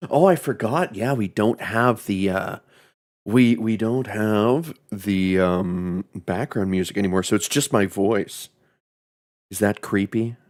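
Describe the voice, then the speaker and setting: A man streaming a horror game, joking and swearing as he reads the game text aloud. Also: fairly low pitch. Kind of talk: casual game commentary.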